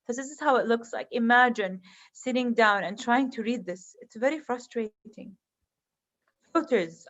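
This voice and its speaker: A woman who is an eye doctor, lecturing in English with an Arabic accent, halting and earnest with many ums. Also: fairly high pitch, highs cut off.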